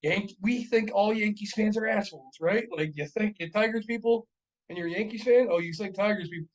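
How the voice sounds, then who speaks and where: A man's voice: high voice, brisk, low-quality recording. Blunt, profane man on a podcast. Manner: blunt, profane, rambling with "right?" and "like". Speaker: podcast co-host. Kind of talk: casual podcast chat.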